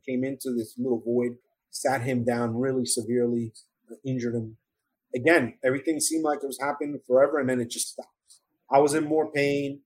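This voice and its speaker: A husky middle-aged man with a New York accent tells his story in the first person. He speaks earnestly and with feeling, often restarting his sentences. His voice sits in an ordinary middle pitch. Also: darkish tone, low-quality recording. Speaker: former police officer telling his survival story. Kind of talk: first-person testimony in an interview.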